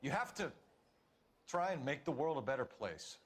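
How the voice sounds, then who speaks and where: A man's voice: mid-range voice, big pitch swings, moderate pace, slightly rough. An actor playing an earnest, stern male police detective in a game, pressing firmly and insistently for answers. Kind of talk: game dialogue.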